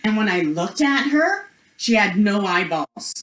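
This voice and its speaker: With a sing-song, medium-pitched, fairly bright voice and a slightly slow pace, a woman leads a spiritual workshop. She tells a personal anecdote chattily, peppered with "like" and "you know," performing the voices of its characters, in an echoing room.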